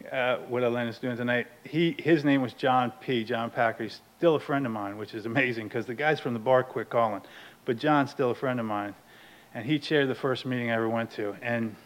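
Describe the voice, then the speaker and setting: Candid man telling his story. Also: medium pitch. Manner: candid, self-deprecating, laughs often; swings between hushed and animated. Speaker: speaker sharing at a recovery meeting. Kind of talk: personal storytelling.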